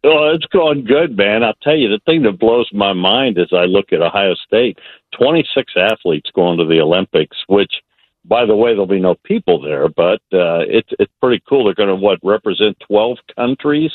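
A man's voice: fairly low pitch, lively intonation, normal speed, no echo. A man calling in to a radio show as a regular guest, chatting casually with hesitant fillers and chuckles. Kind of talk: casual phone chat. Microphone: phone. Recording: tinny phone line.

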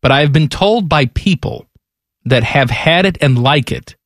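A man co-hosting a sports talk show in casual chat, answering with dry, deadpan quips. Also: fairly high pitch, normal speed, dry recording. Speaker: radio co-host.

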